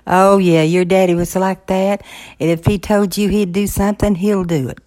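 A woman's voice: mid-range voice, level tone, normal speed, mellow. Homespun older woman, hesitant speech. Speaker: podcast co-host. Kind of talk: casual chat. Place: office.

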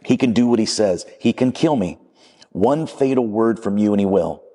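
A man's voice: lowish voice, normal speed, mellow, big-room sound, close to an everyday voice. A man voicing a red lizard tempter that pleads and mocks in a coaxing, wheedling way, read aloud in a sermon. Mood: pleading.

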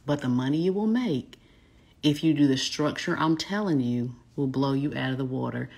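Southern woman, business coach, casual live-stream chat; husky, low, a little gravelly, smooth folksy delivery. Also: lively intonation, moderate pace, a little mellow. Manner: folksy, says y'all often, smooth delivery.

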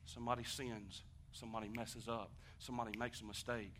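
Preaching with animation, a male pastor talks conversationally, quizzes the congregation, and veers between quiet passages and shouting. He has a fairly low voice and speaks fairly quickly, with a little hiss or hum on the recording.

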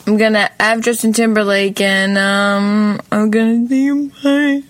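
Slow-talking young woman, teasing. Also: medium pitch, fairly even intonation, no room sound. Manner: teasing, laughs often. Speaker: podcast guest. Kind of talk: casual chat.

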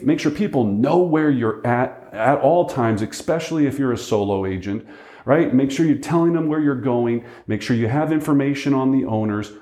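A man's voice: mid-range voice, dark tone. A man working as a real estate agent tells a story to teach a lesson, chatting casually and often checking in with "right?". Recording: roomy echo.

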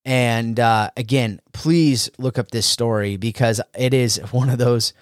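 A man hosting a podcast, telling a motivational story in an earnest, halting way. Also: medium pitch, steady tone, no room sound, studio quality. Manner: earnest, with frequent fillers and restarts. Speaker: podcast host. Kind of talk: motivational solo talk.

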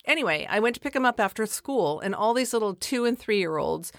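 Expressive woman telling a story. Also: medium pitch, brisk, vocal fry, no room sound, studio quality. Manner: animated, expressive, swears casually. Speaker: podcast co-host. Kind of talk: casual storytelling chat.

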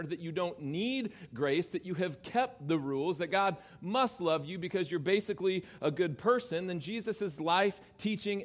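A male pastor delivering an emphatic sermon in a fairly high voice. He swings from loud, ringing exclamations down to quiet, low asides, and he speaks directly to the children in the congregation now and then.

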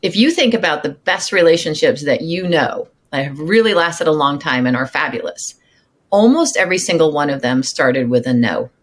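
A woman on a podcast as a relationship coach, her voice slightly low for a woman. She hands out advice in an upbeat way and speeds up whenever she makes a point. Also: animated, moderate pace. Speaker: intimacy coach, guest. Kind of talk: casual conversational interview.

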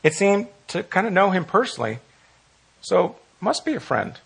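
Man, bible study teaching, gravelly, husky, earnest, repeats for emphasis. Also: high-pitched, big pitch swings, normal speed. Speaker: pastor leading Bible study.

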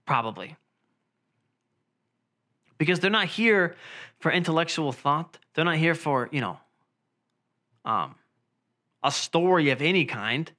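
A young man talking through a casual solo podcast, with a voice a touch higher than most men. He rambles and jokes, restarts often, and lets his phrases sink low at the ends. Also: animated, a little slow, pauses often, sharp tone. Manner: rambling, jokey, trails off low. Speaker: podcast host.

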